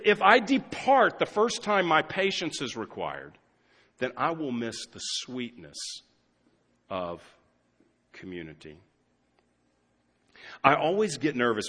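A middle-aged American man preaching a sermon as pastor, moving from quiet asides to loud emphatic lines. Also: fairly low pitch, breathy edge, in a large hall. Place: church sanctuary.

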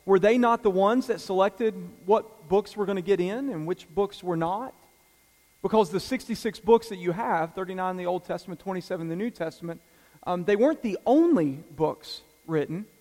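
Animated man preaching in a reverberant hall. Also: sits high, moderate pace. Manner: conversational, animated preaching with fillers and restarts. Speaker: pastor. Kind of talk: sermon.

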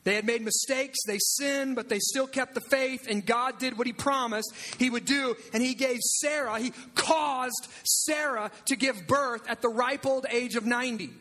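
A man preaching a sermon as pastor, animated, swinging between loud shouts and hushed near-whispers. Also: very high voice, normal speed, few pauses.

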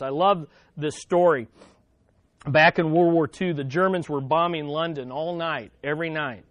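A pastor delivering a sermon in a direct, conversational way, swinging from hushed asides to loud exclamations. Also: mid-range voice, moderate pace, dry recording. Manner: conversational, addressing the congregation directly.

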